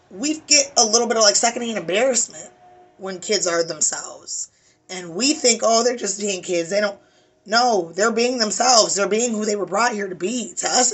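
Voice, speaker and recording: Woman tarot reader, emphatic and preachy, tired voice, bright and breathy. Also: mid-range voice, normal speed. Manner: preachy, emphatic, swears casually. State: weary voice. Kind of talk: spiritual tarot reading.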